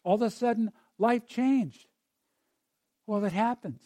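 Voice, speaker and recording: A man's voice: high voice, unhurried, warm tone, no echo. A man preaching a sermon in a conversational way, with asides and little digressions as he tells a story.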